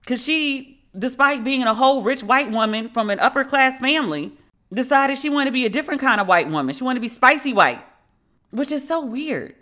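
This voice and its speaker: A woman's voice: sits high, animated, brisk, bright, forceful tone. A woman hosting a podcast, telling a story alone in a sardonic, mocking way and slipping into quoted voices. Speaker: podcast host. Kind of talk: solo commentary.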